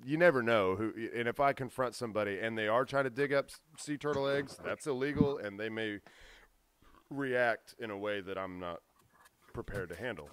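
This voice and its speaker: A man's voice: medium pitch, normal speed, a little hiss or hum. A man co-hosting a casual podcast, telling a rambling story and acting out the people in it. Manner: rambling, animated when quoting others. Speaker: podcast co-host.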